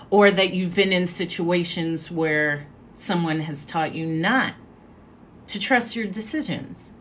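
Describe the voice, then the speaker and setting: A woman hosting a live stream, telling a story in a chatty, animated way and making asides to her viewers. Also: medium pitch, a little hiss or hum. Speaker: livestream host.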